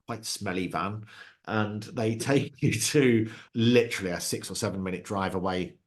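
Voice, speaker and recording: A man's voice: lowish voice, normal speed. A man co-hosting a ski podcast, chatting casually and telling anecdotes, acting out voices in his stories. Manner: chatty anecdotes with acted-out quotes. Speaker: podcast co-host. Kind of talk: casual chat, storytelling.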